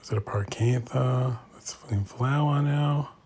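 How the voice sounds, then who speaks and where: A man giving a casual walk-through commentary in an indoor exhibition room, speaking in quiet, murmured remarks that often drop to a whisper. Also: mid-range voice, measured pace. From Australia. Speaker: bonsai channel host.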